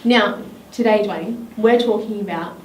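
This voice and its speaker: With a medium-pitched voice and a slightly slow delivery, an Australian woman teaches a children's drama class in a sing-song, encouraging way. The room echoes, the mic sits far off, and there's a faint hiss of noise.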